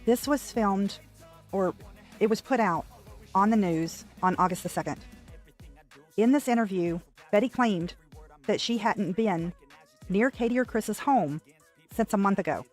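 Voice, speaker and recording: A woman's voice: medium pitch, a little slow, long pauses, darkish tone, soft background music. A woman hosting a commentary channel, cutting in with dry, sarcastic remarks.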